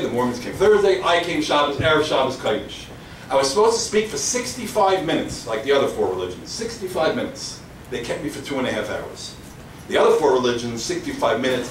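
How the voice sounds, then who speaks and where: A man, a rabbi, giving an animated storytelling lecture, mixing in Hebrew and Yiddish terms and hammering his points home by repeating them. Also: mid-range voice. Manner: emphatic, repeats key phrases. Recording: echoey hall from far off, faint noise.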